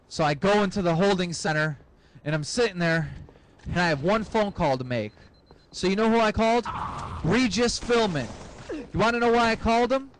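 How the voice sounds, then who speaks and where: A young man telling a long, crude, rambling comic story, acting out the other characters in quick voices. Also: low-quality recording. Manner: profane, acts out characters in quick high voices. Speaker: comedic storyteller.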